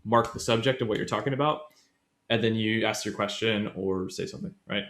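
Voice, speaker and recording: A man co-hosting a casual podcast explains grammar loosely and ramblingly, full of fillers and self-corrections. He laughs often, and his fairly low, slightly bright voice moves at a brisk pace.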